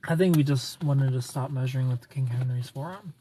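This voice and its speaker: A man's voice: mid-range voice, a little fast, noisy background. A tired man chatting casually on a live stream, rambling, joking and greeting viewers by name.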